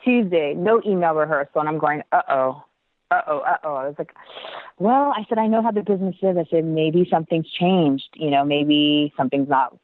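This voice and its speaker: Woman guest, lively storyteller, phone-like sound, dry. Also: deep voice, a little fast, few pauses, dry recording. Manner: animated, acts out quoted voices, laughs often. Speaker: guest dancer. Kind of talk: storytelling interview. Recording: tinny phone-like line, dry.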